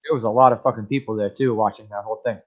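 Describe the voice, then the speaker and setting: A man's voice: fairly low pitch, steady tone, rapid-fire, highs cut off. A man co-hosting a casual movie-review podcast, blunt and profane, laughing often as he gives his opinions. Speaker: podcast co-host.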